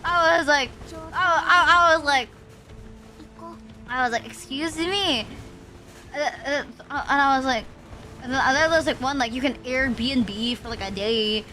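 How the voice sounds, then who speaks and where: High bright young woman streamer. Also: measured pace, pauses often, soft background music. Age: young adult. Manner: rambling storytelling, swears often, lots of "like". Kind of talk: casual livestream chat.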